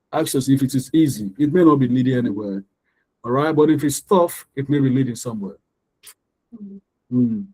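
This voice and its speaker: Mellow-voiced male English tutor drilling stress. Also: medium pitch, rough recording. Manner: preachy, repeats words to drill stress patterns. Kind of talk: online pronunciation lesson.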